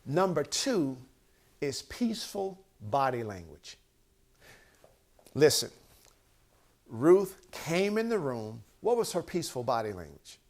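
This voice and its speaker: A man's voice: a little high, very animated, takes it slowly, long pauses, a little mellow. A man giving an emphatic motivational talk, counting off his points one by one. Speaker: motivational speaker.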